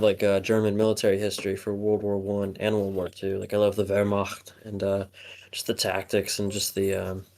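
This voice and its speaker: A young man co-hosting a podcast, chatting casually, rambling with lots of fillers and frequent swearing. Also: lowish voice. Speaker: podcast co-host.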